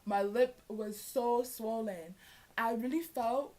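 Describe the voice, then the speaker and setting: Animated young woman telling a story. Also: fairly high pitch, takes it slowly. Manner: animated, acts out quoted voices. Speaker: vlogger. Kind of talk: storytime vlog.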